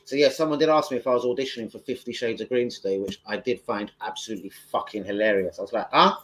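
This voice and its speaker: A man's voice: lowish voice, steady tone, fast talker. A man, chatting loosely and swearing as he hosts a football fan live stream. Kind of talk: casual live stream chat.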